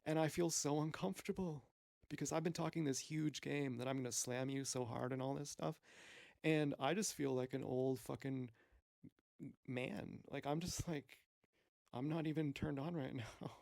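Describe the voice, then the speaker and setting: A man's voice: medium pitch, steady tone, normal speed, creaky, darkish tone, dry recording, clean studio sound. A man rambling through a meandering, profane, self-questioning monologue as a streamer.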